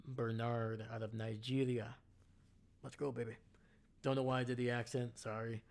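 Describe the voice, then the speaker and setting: A tired man talks loosely to his chat during a live stream, rambling and restarting his sentences. His voice sits at a medium pitch and stays casual and unpolished. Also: fairly even intonation, normal speed, a little mellow. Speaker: live draft reaction streamer.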